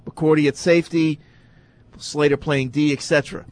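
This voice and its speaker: A man's voice: a little high, fairly even intonation, normal speed, dry recording. A man hosting a casual sports talk show, reading listener emails aloud and steering the talk.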